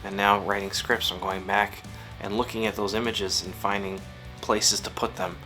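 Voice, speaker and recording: A man in his thirties talks about his work in a loose, rambling, self-deprecating way, full of fillers. His voice sits low yet sounds bright and forward. Faint guitar music plays behind him. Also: flat delivery, moderate pace. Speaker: comic book writer and artist. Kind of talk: casual interview answers. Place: his home studio.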